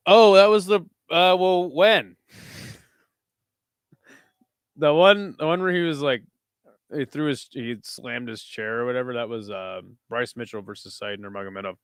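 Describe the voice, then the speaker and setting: A man hosting a live watch-along of a kickboxing event. He talks casually and swears a lot, breaking into excited shouts at big moments. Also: medium pitch, moderate pace, clean tone, no room sound, clean studio sound. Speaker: host.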